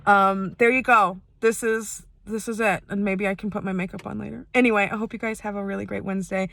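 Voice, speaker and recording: A woman's voice: mid-range voice, fairly bright tone, dry recording. An American woman talking candidly and at length in a personal vlog, recorded inside a parked car. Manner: chatty, rambling, candid. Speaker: vlogger.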